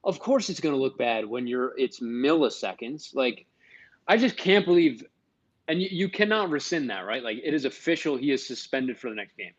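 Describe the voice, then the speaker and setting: A man's voice: medium pitch, very animated, normal speed, highs cut off. A young man co-hosting a casual sports podcast, talking in loose, rambling bursts that trail off. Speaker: podcast co-host.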